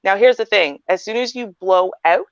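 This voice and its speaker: A woman's voice: mid-range voice, normal speed, clear, resonant tone, dry recording. A woman hosting a podcast in casual chat, explaining her points with emphasis, one by one. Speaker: podcast host. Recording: dry, dull lo-fi sound.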